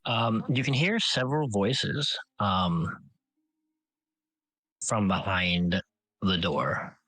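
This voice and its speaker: A man's voice: fairly low pitch, drawn-out words, poor audio. A man running a tabletop game, narrating casually with many fillers. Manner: relaxed, filler-heavy, improvising. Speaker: game master.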